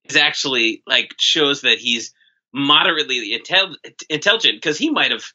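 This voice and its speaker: A man's voice: medium pitch, expressive, moderate pace, pushed and bright. A man from New Jersey co-hosting a comedy podcast, riffing in casual banter and restarting his sentences. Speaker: podcast co-host. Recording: dull lo-fi podcast audio.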